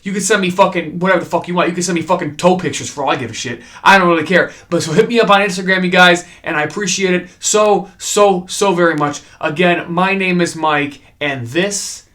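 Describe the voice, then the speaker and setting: A man's voice: high voice, a little fast, hardly any pauses, pushed and bright. Emotional, swearing man reviewing a horror film. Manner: emotional, enthusiastic, swears freely. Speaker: horror movie reviewer, channel host. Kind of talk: casual spoken movie review.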